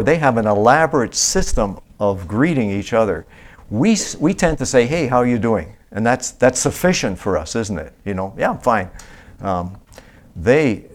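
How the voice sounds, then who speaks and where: A man giving a conversational Bible-teaching sermon in church, with many restarts and fillers. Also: lowish voice. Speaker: preacher.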